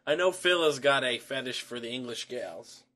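A man's voice: medium pitch, lively intonation, normal speed, bright, forceful tone. A man co-hosting a casual podcast, teasing his partner with crude jokes and frequent laughter. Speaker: podcast co-host. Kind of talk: casual chat.

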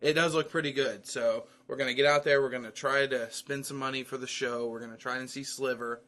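A man co-hosts a loose, crude podcast chat. His voice is bright and forward, and he meanders between plans and jokes with frequent uhs. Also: mid-range voice, fairly even intonation, brisk. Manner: rambling, crude jokey banter with filler. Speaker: podcast co-host. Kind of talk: casual chat.

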